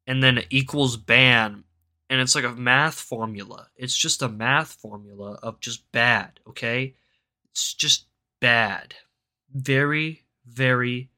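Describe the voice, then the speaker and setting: A young man of around eighteen hosts his own commentary show, his mid-range voice pushed and bright. He rants with a lot of swearing and keeps rambling off onto tangents.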